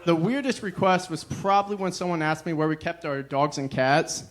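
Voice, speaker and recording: A young man performing a stand-up comedy set, deadpan and self-deprecating, with a weary "ugh" between jokes. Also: fairly high pitch, normal speed, background noise.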